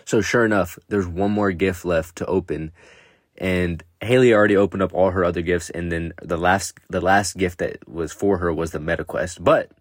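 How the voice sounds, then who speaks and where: A man's voice: low voice, steady tone, moderate pace, no room sound, studio quality. A young man hosting his own podcast, telling a story in a loose, rambling way, laughing often and swearing freely. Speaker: podcast host. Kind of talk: casual solo podcast chat.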